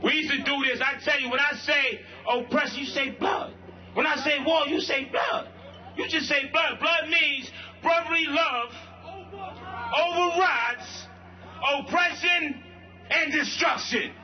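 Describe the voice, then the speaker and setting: A man from Brooklyn giving a protest rally speech, shouting call-and-response lines in street slang. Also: extremely high pitch, steady tone, unhurried, soft background music. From Brooklyn, New York. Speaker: rally speaker, violence-prevention worker. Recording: lo-fi livestream with crowd. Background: faint crowd.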